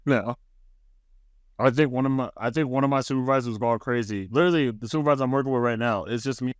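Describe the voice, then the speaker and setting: A man's voice: medium pitch, quick pace, clean tone, no room sound. Easygoing man rambling through a story. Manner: laughs easily, loose rambling storytelling. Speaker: podcast co-host. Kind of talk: casual storytelling chat.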